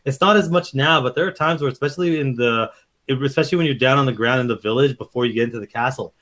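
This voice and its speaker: Quick, profane young male podcaster. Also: mid-range voice. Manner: animated, profane, acts out quotes. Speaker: podcast co-host. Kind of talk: casual review chat.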